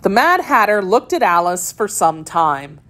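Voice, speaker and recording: A woman narrating a children's storybook aloud, expressive and clear. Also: mid-range voice, measured pace.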